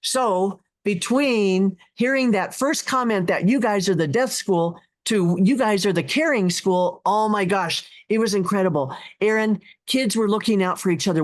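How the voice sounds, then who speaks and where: A middle-aged woman guest telling stories in an earnest, heartfelt way, with many restarts and fillers. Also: medium pitch. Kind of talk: casual interview talk.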